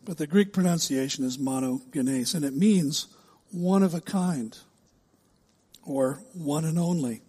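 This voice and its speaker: Man, pastor, sermon, emphatic and measured, slightly breathy, echoing hall. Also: a little high, mellow. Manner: measured, emphatic preaching with drawn-out words.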